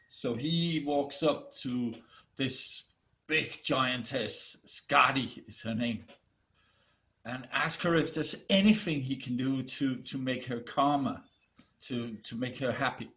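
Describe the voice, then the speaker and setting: Animated male storyteller, bright and slow, halting restarts, video call. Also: medium pitch, rough recording. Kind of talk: myth storytelling.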